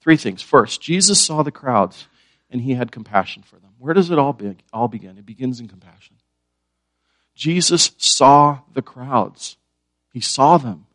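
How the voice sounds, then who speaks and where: A man's voice: mid-range voice, lively intonation, a little fast, fairly bright tone, dry recording. Man, pastor, sermon, questions to the congregation, dry sound. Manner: asks the congregation questions, repeats key words.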